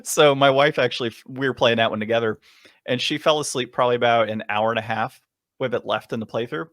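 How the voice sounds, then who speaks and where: A man co-hosting a podcast, telling a long story in a casual, animated way and chuckling often. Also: mid-range voice, fast, no room sound, studio quality. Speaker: podcast co-host.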